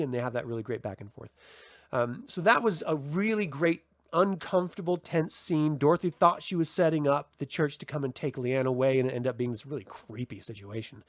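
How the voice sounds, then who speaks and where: A man's voice: mid-range voice, normal speed, no echo, clean studio sound. A man hosting a casual solo TV review, chatty and rambling, with fillers and restarts. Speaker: TV review host.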